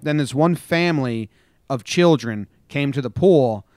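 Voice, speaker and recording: A man's voice: mid-range voice, lively intonation, a little slow, a little mellow, no room sound, clean studio sound. A man co-hosting a podcast, telling stories in a rambling, chuckling, casual way. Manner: rambling storyteller, chuckles often. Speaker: podcast co-host. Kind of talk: casual chat.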